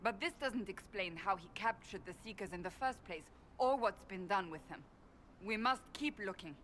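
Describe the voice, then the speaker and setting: A proud, stern female warrior speaks in grave, blunt, measured sentences, as a woman reads her lines in a mid-range voice. Faint noise sits in the background. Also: medium pitch, animated, fairly bright tone, natural voice.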